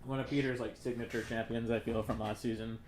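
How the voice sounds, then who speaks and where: A man casting a video game match in a casual, relaxed way, with frequent fillers. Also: medium pitch, quick pace, roomy sound, crowd noise. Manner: relaxed, hesitant with many fillers. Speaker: esports caster. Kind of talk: casual esports commentary.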